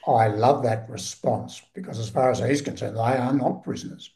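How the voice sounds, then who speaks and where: A man hosting a conversation, prompting the storyteller with eager questions and lively reactions. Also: mid-range voice, normal speed. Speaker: host. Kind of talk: conversational interview.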